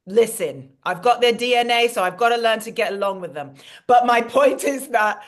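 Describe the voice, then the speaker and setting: Rich: A playful woman with a New York accent riffing through a comedy set. Her voice sits fairly high. She speaks over a video call. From Queens, New York. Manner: playful, quick banter with asides. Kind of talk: comedic monologue.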